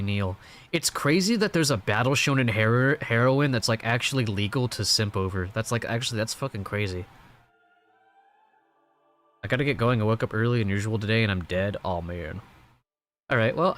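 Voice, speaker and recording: A man's voice: fairly low pitch, animated, normal speed, a bit bright, soft background music. Young man, reaction host, casual comic-reading chat, rambling, lots of restarts. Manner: rambling, many restarts and fillers.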